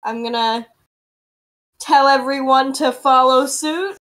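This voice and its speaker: A high-voiced woman plays in a tabletop game. She talks slowly and in a playful, curious way, asking lots of questions. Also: fairly even intonation, fairly bright tone, rough recording. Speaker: player.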